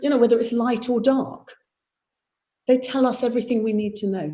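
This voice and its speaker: A woman's voice: mid-range voice, darkish tone. A woman, a theatre director leading a live online workshop, explaining verse and tapping out its rhythm aloud. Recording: roomy echo.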